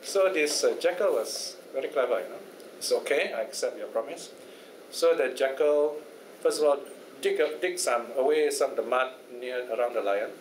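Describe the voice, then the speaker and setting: A man's voice: mid-range voice, moderate pace. Guy teaching a buddhist study class, tells the story chatty, keeps checking in, echoey room faint hiss. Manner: conversational, checks in with listeners often.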